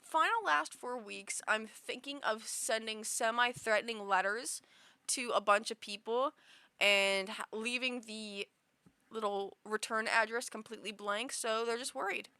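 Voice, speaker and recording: A woman's voice: fairly high pitch, unhurried, sharp tone, clear, resonant tone, no echo. A woman livestreaming, chatting casually with viewers in a rambling, giggly way full of fillers. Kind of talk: casual chat with stream viewers.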